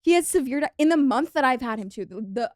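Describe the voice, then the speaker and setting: Young female co-host, higher voice, animated and profane, dry studio sound. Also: quick pace, no echo. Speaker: podcast co-host. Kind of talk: casual chat.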